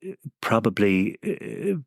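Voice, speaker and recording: Irish male guest, lowish pitch, halting storyteller with restarts. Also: very animated, vocal fry, dry recording, clean studio sound. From Ireland. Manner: halting, with many repeated words and restarts. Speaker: podcast guest. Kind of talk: conversational storytelling.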